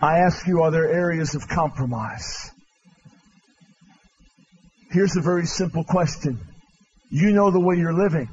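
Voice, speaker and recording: Male preacher, high voice, impassioned altar call, loud then hushed, slightly dull live church recording, faint room hum. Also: unhurried, pauses often. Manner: impassioned, swinging from loud proclaiming to hushed pleading. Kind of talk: revival altar-call sermon. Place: large church with balcony.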